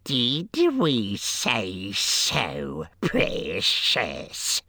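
A man voicing Gollum, a slimy wicked cave creature who hisses and wheedles in a gravelly, very slow voice with wild swoops in pitch. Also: very animated, bright, forceful tone, no echo, studio quality, full character voice. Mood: wheedling.

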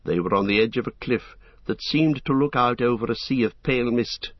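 A man narrating a fantasy audiobook in a measured, dramatic storytelling manner, in a dull, muffled recording. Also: mid-range voice, dry recording.

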